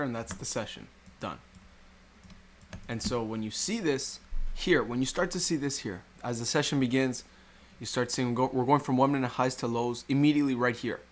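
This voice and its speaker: A man teaching trading over a chart walkthrough, asking rhetorical questions and repeating key points. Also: medium pitch. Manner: rhetorical questions, repetitive explaining. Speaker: trading educator. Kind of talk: screen-recorded chart walkthrough.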